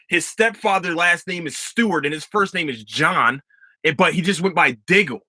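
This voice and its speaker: Excitable, profane young man ranting. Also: on the high side, moderate pace, no room sound. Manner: profane, excitable, rambling with frequent restarts. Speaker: podcast host. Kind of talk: casual solo podcast rant.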